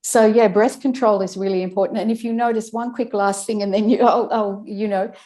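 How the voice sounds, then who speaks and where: A woman's voice: mid-range voice, steady tone, a little fast, warm tone. A woman guest in a conversational interview, explaining speaking and breathing technique and demonstrating it as she goes, often restarting her phrases. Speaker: guest, speech and accent coach.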